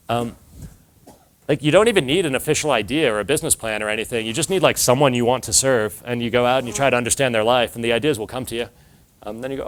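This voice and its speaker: A man's voice: mid-range voice, quick pace. A man giving a casual talk to an audience, telling stories with lots of filler words and acted-out dialogue.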